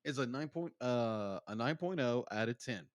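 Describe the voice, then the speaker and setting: Laid back guy cohosting a podcast, mid pitch, dry sound. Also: animated, normal speed, no echo. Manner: short agreeing replies, easygoing. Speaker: podcast co-host. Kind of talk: casual podcast chat.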